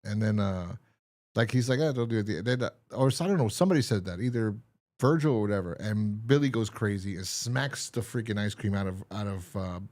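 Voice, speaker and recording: A man's voice: fairly low pitch, expressive, a little fast, a little mellow. A man co-hosting a podcast in casual chat, rambling and exasperated as he retells a TV episode and acts out its lines. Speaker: podcast co-host.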